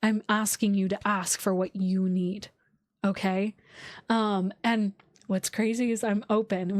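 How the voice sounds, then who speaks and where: A woman's voice: medium pitch, no room sound, studio quality. A woman astrologer hosting a casual live stream, talking to her viewers in an effusive, heartfelt way, full of likes and restarts. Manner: talks with many likes and restarts.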